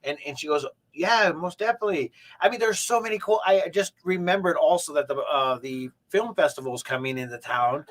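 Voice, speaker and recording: A man's voice: fairly high pitch, brisk, few pauses. A man co-hosting a local morning show in casual chat, rambling and restarting with lots of fillers. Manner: rambling, repeats words, many fillers.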